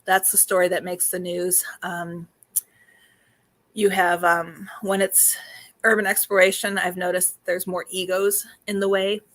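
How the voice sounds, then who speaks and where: A woman hosting a casual live stream, talking loosely with many fillers, greeting viewers, and a little hoarse as she loses her voice. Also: on the low side, little pitch movement, measured pace, fairly bright tone. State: slightly losing her voice. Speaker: host.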